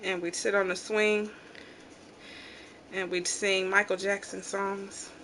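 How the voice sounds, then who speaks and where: A middle-aged woman hosting a home channel, telling family stories in casual chat and acting out the quotes loudly. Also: mid-range voice, slow, a little hiss or hum. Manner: animated storyteller, acts out quotes loudly. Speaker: channel host.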